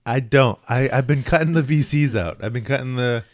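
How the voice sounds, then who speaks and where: Male co-host, eager and chatty, ordinary middle pitch. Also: brisk. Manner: enthusiastic, reads out credits. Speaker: podcast co-host. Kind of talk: casual chat about comics.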